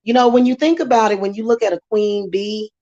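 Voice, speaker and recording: A woman's voice: mid-range voice, fairly even intonation, fairly quick, warm tone. Sassy chatty woman, dull lo-fi sound. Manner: chatty, sassy, repetitive fillers. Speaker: spiritual channel host. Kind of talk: casual monologue.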